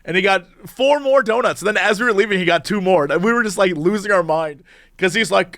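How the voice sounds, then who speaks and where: With a voice that sits high and a quick pace, this podcast co-host is an animated storyteller who laughs a lot while chatting casually. The recording is dry and of studio quality.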